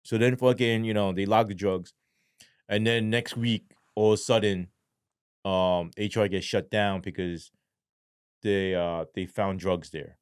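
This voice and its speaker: Profane storytelling ex-cop, low voice. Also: male voice, unhurried, clear, resonant tone, no echo, clean studio sound. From New York. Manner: profane, animated storytelling with acted quotes. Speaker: podcast guest, former police sergeant. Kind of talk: casual storytelling interview.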